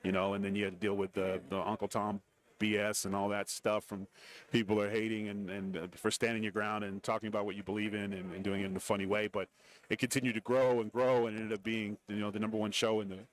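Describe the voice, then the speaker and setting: Middle-aged male guest, low-pitched and quick, lively anecdotes with impressions. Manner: animated storyteller, acts out quoted voices. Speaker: guest, former wrestler and TV commentator. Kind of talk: casual interview storytelling. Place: radio row broadcast booth.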